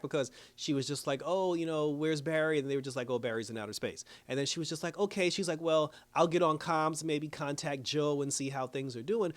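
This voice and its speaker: Casting note: male reviewer, loose and chatty, mid-pitch, plays out character quotes with a laugh. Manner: animated retelling, quoting characters, laughing often. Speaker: show reviewer. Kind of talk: casual recap and review.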